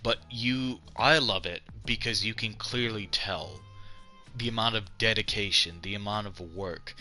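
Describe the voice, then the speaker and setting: Profane, rambling man with a sharp voice. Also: on the low side, measured pace, faint music behind. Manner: rambling and profane, frequent restarts. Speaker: gamer playing and commenting. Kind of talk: casual let's-play commentary, reading game text aloud.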